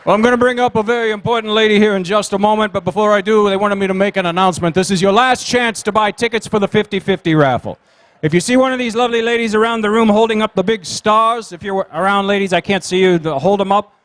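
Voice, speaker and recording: A man working as comedian and emcee at a banquet, telling quick one-liners and teasing the audience. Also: high voice, fairly bright tone, soft background music. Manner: rapid one-liners with teasing crowd work. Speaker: comedian and emcee at a gala dinner. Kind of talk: stand-up joke routine. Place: banquet hall.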